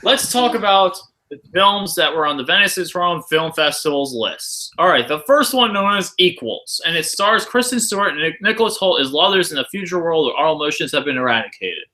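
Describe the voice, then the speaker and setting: A man hosting a casual podcast, reading listener questions with excited, profane commentary. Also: on the high side, brisk, few pauses, low-quality recording. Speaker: podcast host. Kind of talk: casual chat.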